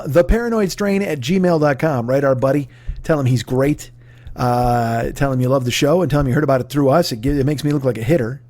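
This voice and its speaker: A man's voice: a little high, darkish tone, no room sound. A man hosting a comedy podcast, rambling profanely through a jokey sponsor plug and drifting into silly tangents. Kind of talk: rambling comic sponsor read.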